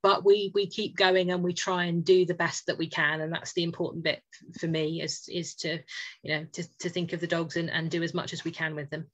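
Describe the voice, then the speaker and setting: Low-voiced woman on dull call audio. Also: flat delivery, fairly quick. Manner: earnest, repeats words when thinking. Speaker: dog rescue founder, guest. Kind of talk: casual interview.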